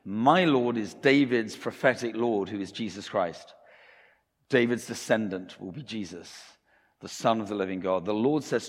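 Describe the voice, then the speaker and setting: A man in his fifties preaching a sermon with enthusiasm, often pausing on fillers and repeating key phrases. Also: lowish voice. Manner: enthusiastic, with frequent fillers and repetitions. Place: church hall. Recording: reverberant hall.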